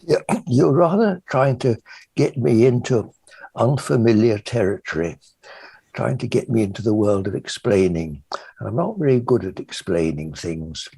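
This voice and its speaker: An older man from England answers questions as a mystic and author, in a halting, gentle way that often trails off softly. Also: mid-range voice, lively intonation, vocal fry, breathy edge, dry recording, poor audio. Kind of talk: reflective interview answer.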